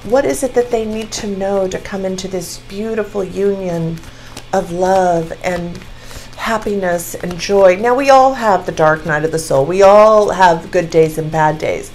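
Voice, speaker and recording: Excitable tarot reader in her sixties, female, mid-range voice, gushing and warm-hearted delivery to camera. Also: mid-range voice, a little slow, slight background noise, rough recording. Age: 60s. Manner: gushing, excitable, exclaims over cards. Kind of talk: casual tarot reading to camera.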